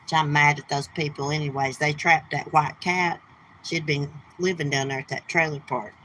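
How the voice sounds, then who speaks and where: A woman's voice: low voice, steady tone, moderate pace, pushed and bright, slight background noise, poor audio. A middle-aged woman, chatting bluntly and gossiping on a casual live stream outdoors. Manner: blunt, gossipy, cussing, Southern turns of speech. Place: outdoors near her home.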